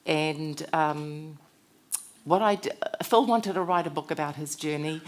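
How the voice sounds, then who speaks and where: A woman with a low voice gives a motivational talk at a conference. She speaks in a heartfelt, personal storytelling manner. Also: measured pace.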